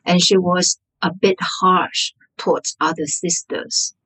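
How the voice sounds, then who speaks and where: A woman meditation teacher speaking gently and unhurriedly in an interview. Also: on the low side, fairly even intonation, slow pace, slightly rough, low-quality recording.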